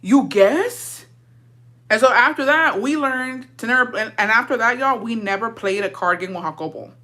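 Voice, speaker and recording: In a slightly high, a little fast, sharp-toned voice, a woman vlogger recounts a casual storytime. Her telling is blunt and full of profanity, mixing English with Spanish slang.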